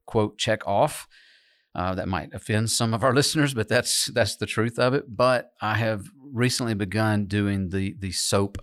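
A man, a pastor co-hosting a church podcast, talking in a relaxed, thoughtful way with frequent restarts. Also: on the low side, a little slow, dry recording, studio quality. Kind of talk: casual conversation.

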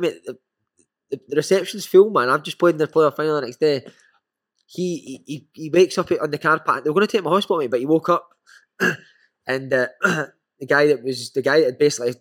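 A man's voice: a little high, a little fast. Scottish man telling rowdy anecdotes. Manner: animated anecdotes with frequent "mate". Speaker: guest, former footballer. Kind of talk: casual storytelling.

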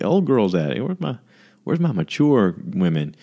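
A man with a very low voice talks through a casual podcast monologue. He rambles from story to story and jumps into high, goofy voices when he quotes people. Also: very animated, fairly quick, dark tone. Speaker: podcast host.

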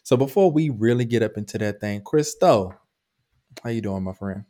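A man co-hosting a podcast, slightly hoarse from a cold, talking. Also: fairly low pitch, lively intonation, moderate pace, mellow. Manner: playful, preacher-like flourishes. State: hoarse, under the weather. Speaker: podcast co-host. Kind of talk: casual chat.

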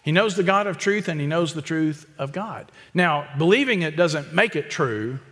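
A man preaching an expository sermon, emphatic and repetitive, with quick asides to the congregation. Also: a little high, expressive, a bit bright, long reverb tail. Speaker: pastor.

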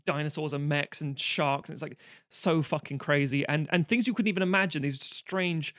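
Brief: man, podcast co-host, lively and profane, fairly high voice, dry close sound. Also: normal speed, no room sound. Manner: animated, swears freely, mock-quotes characters. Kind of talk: casual film discussion.

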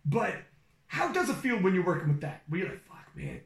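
A man hosting a podcast, telling stories in a casual, animated way and swearing freely. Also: high voice, a little fast, reverberant. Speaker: podcast host.

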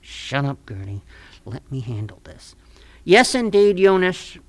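A man's voice: mid-range voice, very animated, measured pace. Grundon, a man doing a wheedling small-town schemer. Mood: schmoozing. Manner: folksy, wheedling, overly sweet. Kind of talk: comic radio play.

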